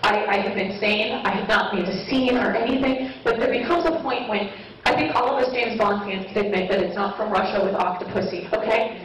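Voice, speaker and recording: A woman's voice: mid-range voice, fairly quick, slight background noise. A woman doing a stand-up set, chatty and self-mocking, laughing at her own jokes. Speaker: stand-up comedian. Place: comedy club stage. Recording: echoey club, mic heard from far, audience.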